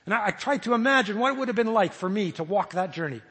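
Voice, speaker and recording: A man preaching a sermon, earnest and halting, with frequent restarts as he speaks imagined prayers in the first person. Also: high-pitched, lively intonation, fairly bright tone, breathy edge. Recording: long hall reverb.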